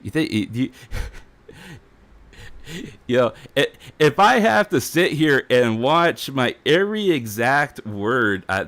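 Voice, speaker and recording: A man's voice: mid-range voice, fairly bright tone, no echo. Defiant man ranting on stream. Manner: defiant, heated, repetitive. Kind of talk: ranting livestream monologue.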